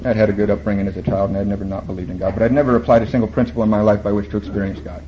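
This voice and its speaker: A man's voice: on the low side, little pitch movement, rapid-fire, slight background noise. A man speaking at a recovery meeting, telling his story in a wry, self-mocking way and acting out what others said. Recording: dull lo-fi room recording, faint ambience.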